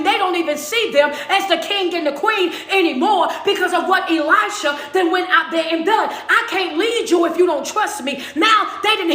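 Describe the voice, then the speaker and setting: A woman preacher delivering a sermon as animated storytelling, often calling out to her listeners. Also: high-pitched. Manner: animated storytelling, laughing, calls to the congregation. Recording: roomy echo.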